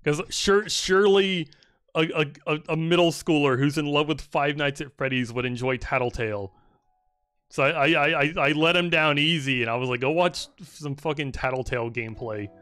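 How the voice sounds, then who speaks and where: A man's voice: a little high, normal speed, a bit bright, clean tone, dry recording, clean studio sound. A young man casually telling a story while playing a game, rambling with many restarts and filler words, laughing and swearing now and then. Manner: laughs often at his own story. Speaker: gamer narrating gameplay. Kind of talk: casual gaming commentary and storytelling.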